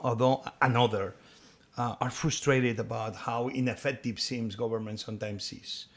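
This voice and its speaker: Guy hosting a podcast, halting, restarts his sentences, hunts for the words. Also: medium pitch. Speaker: podcast host. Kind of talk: podcast interview.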